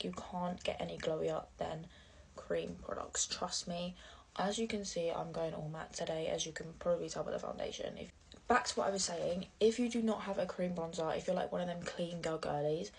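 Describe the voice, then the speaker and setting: A woman's voice: on the low side, husky. Chatty young woman, makeup tutorial. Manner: chatty, gushing, repeats words for emphasis, lots of "like". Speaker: makeup vlogger.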